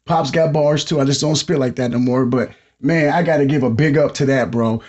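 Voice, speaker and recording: A middle-aged man hosting a podcast, talking casually and hyping up listeners with repeated shout-outs. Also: medium pitch, a little fast, dull audio. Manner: hyped, repetitive shout-outs to the audience. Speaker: podcast host.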